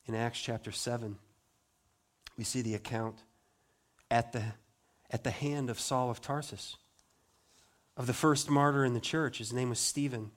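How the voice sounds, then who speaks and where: Speaking at a medium pitch with a steady tone, a male pastor gives a dramatic sermon, slowing for emphatic stresses and lowering his voice for gentle asides.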